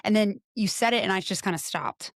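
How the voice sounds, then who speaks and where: A woman guest on a podcast, telling stories in an expressive, animated way in casual conversation. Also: medium pitch, brisk, no room sound, clean studio sound.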